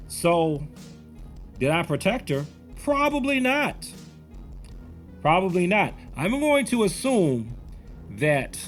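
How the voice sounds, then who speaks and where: A man in his forties, a martial arts instructor, telling a personal story in a conversational, rambling way. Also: on the high side. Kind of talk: storytelling commentary.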